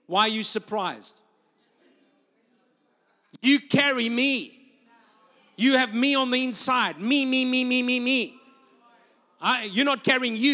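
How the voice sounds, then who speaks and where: Male preacher, high-pitched, shifts from storytelling into loud prophetic proclamation; long hall reverb. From South Africa or Australia. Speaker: guest preacher. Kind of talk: sermon with prophetic ministry. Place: church sanctuary.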